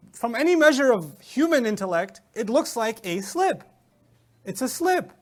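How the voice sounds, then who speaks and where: A male teacher with a fairly high voice gives an animated lecture on Quran commentary. He keeps asking his listeners rhetorical questions and answering them himself. He retells stories with humor and quoted voices.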